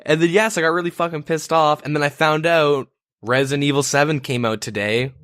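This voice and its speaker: A man's voice: fairly high pitch, steady tone, brisk, a bit bright, no echo, studio quality. A man co-hosting a podcast, telling a story in casual banter, profane and rambling with lots of fillers. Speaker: podcast co-host.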